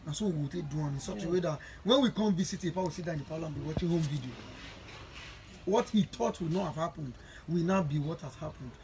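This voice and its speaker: High-voiced Nigerian man blessing supporters. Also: fast, mellow, a little hiss or hum, poor audio. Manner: earnest, repetitive, blessing-giving. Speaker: charity foundation founder. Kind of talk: live video address to supporters.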